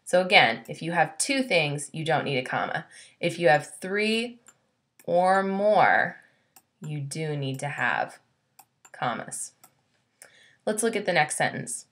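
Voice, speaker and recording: A woman teacher narrating a classroom lesson, explaining slowly and clearly and reading example sentences aloud. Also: sits low, very animated, a bit bright.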